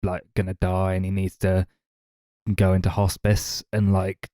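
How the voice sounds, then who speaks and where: A man co-hosting a film podcast, speaking in an earnest, measured way with soft hedges. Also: low voice, completely flat delivery, no room sound, clean studio sound. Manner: measured, earnest, hedging with "kind of" and "I guess". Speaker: podcast co-host. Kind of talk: casual film discussion.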